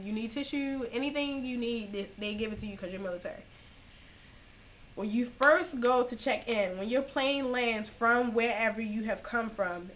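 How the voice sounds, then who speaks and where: A young woman giving casual, profanity-heavy advice in a vlog, telling her story in a slangy, animated way. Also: medium pitch, muffled recording, a little hiss or hum. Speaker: vlogger giving boot camp advice.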